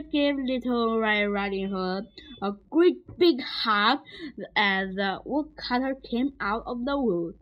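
Slow, deliberate woman reading a story. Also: a little high. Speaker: story reader. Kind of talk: reading a children's story aloud. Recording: dull lo-fi recording.

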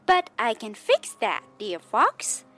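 A woman's voice: wildly swooping pitch, takes it slowly, sharp tone, faint music behind, full character voice. A mother doing a silly, fretful storybook goose. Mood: proud. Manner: high, breathy gasps and fretful exclamations. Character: gullible silly female goose.

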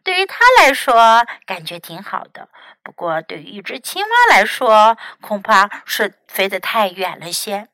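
A woman English teacher reading a children's story aloud in a slow, clear, gentle way. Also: medium pitch, big pitch swings, dry recording, rough recording.

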